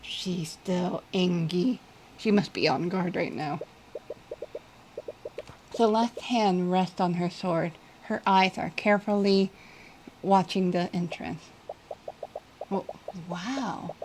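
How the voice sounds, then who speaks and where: A woman reading a visual novel aloud in a relaxed, chatty way as she plays. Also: lowish voice, slow pace, pauses often, a little hiss or hum. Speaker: gaming creator.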